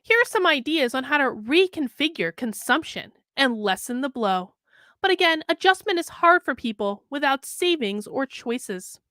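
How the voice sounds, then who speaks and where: Sarcastic lady mocking the news, high voice, dry room. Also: lively intonation, normal speed, sharp tone, no room sound. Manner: sarcastic, mocking, reads articles aloud with asides. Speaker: commentary show host.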